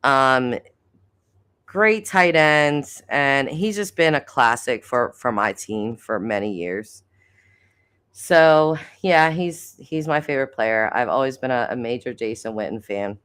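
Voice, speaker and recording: A middle-aged woman chats on her live stream in a low voice that swoops up and down with lively expression. She giggles often, reads viewers' comments aloud and jokes about herself. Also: takes it slowly, clear, resonant tone. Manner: giggly, self-deprecating, chatty. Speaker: live stream host reading chat. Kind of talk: casual live stream chat.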